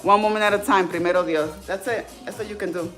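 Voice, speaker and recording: A woman's voice: mid-range voice, steady tone, fast, fairly bright tone, faint music behind. Candid woman in her thirties vlogging. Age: 30s. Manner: candid, heartfelt, conversational. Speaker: fitness vlogger. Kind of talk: casual livestream talk.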